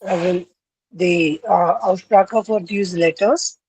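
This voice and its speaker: A female student answers her teacher politely, calling him sir and pausing to search for words. Her voice sits fairly low and slightly husky. She speaks slowly, close and dry. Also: fairly even intonation, a little mellow, dry recording, rough recording. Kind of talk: classroom answer.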